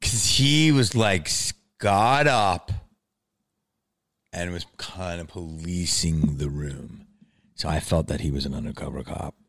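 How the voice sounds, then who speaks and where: A man's voice: low-pitched, slow, a bit bright, no room sound, clean studio sound. A man hosting a podcast, talking over a clip in a profane, self-justifying rant. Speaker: podcast host.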